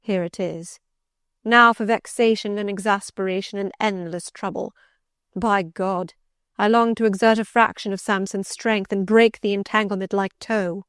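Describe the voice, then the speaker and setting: A woman reading an audiobook, voicing a passionate, brooding middle-aged gentleman who pleads and commands urgently. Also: mid-range voice, fairly even intonation, normal speed, clear, resonant tone, no echo, clean studio sound, close to an everyday voice. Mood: intense.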